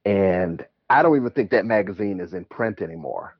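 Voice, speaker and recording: Husky low-voiced male caller, animated. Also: no room sound, dull audio. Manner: animated, chatty, quick to laugh. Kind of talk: casual storytelling.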